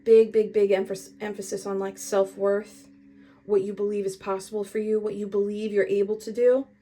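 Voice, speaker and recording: A woman's voice: medium pitch, flat delivery, moderate pace, dark tone. Chatty woman reading tarot cards. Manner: chatty, meandering, emphatic, talks directly to the viewer. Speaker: tarot reader. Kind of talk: casual spiritual tarot reading.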